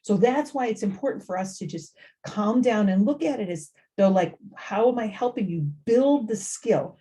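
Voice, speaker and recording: A middle-aged woman giving an informal talk to parents, lively and conversational, often acting out quoted lines and repeating phrases for emphasis. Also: medium pitch, moderate pace. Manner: animated, acts out quoted voices, repeats phrases. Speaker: family engagement speaker.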